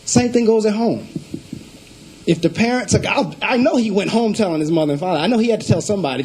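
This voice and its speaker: A man's voice: high voice, quick pace, a little mellow, slightly rough, rough recording. A middle-aged man, a school principal, giving a presentation to district staff and telling stories with emphatic, preacher-like delivery. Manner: storytelling speaker acting out phone calls.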